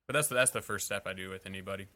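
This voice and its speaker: A man with a low voice and a very bright, forceful tone rambles through a casual podcast chat about coaching his clients. He leans hard on fillers as he thinks out loud. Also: racing, slight background noise. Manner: rambling, many fillers like "like" and "you know".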